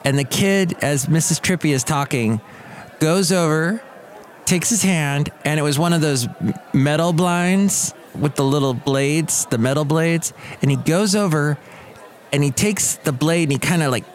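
A man's voice: on the high side, unhurried. A man in his fifties from Southern California, hosting a podcast and rambling through casual stories with many asides. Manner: rambling, digressive storytelling with asides. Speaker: podcast host. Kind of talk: casual monologue.

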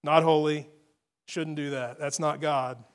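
High-voiced earnest male preacher. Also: fairly even intonation, unhurried. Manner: earnest, with rising emphatic swells and soft asides. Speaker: pastor. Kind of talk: sermon.

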